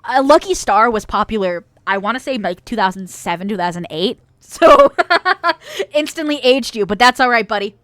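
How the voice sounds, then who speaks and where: A woman's voice: fairly high pitch, expressive, moderate pace, fairly bright tone, no room sound. A woman from the US West Coast hosting a casual livestream, reading viewer comments aloud with frequent giggles. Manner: giggly, laughs often between lines. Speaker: livestream host.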